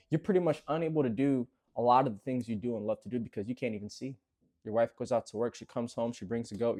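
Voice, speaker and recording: A man's voice: medium pitch, a little mellow. A man retelling a scripture story in an earnest, conversational way, often speaking straight to the listener and repeating himself for emphasis. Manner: conversational, repetitive, earnest, addresses listener directly. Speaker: bible storyteller.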